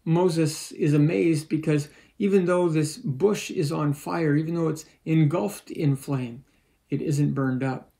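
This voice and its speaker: Male pastor preaching a sermon: gravelly, warm tone, slightly high-set voice, measured and earnest. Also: fairly even intonation, poor audio. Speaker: lead pastor. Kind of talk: sermon with scripture reading. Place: church.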